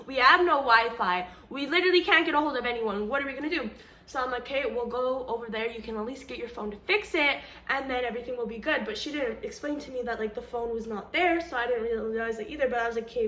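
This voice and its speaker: A young woman vlogger telling a story in a casual, animated, slangy way, acting out what people said in her own voice. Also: a little high. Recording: echoey room, faint ambience.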